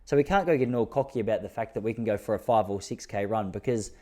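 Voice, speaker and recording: Mellow-voiced Australian man telling stories. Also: fast talker. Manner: laid-back, self-mocking, jumps to high-pitched disbelief when telling jokes. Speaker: podcast host. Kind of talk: casual storytelling monologue.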